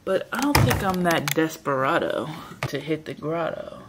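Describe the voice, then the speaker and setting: A woman chatting casually to camera in her home kitchen, slangy and thinking out loud, now and then slipping into a put-on British accent. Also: sits low, animated, moderate pace, slight background noise. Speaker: vlogger. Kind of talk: casual vlog chat.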